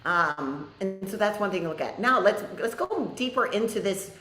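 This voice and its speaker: A woman's voice: medium pitch, expressive, moderate pace, over music. A woman leads a live class, chatting candidly and telling stories in a conversational way. Her voice sits in a middle range. The sound has a roomy, echoey character. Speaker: spiritual teacher hosting an online class. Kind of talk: casual live class talk.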